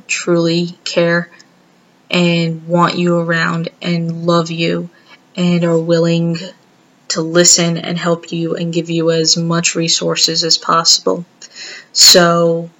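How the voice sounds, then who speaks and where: A woman speaking earnestly and gently to her viewers, pausing often as she offers support. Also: fairly low pitch, low-quality recording. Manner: gentle, earnest, halting with many pauses. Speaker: vlogger. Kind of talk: heartfelt direct-to-camera message.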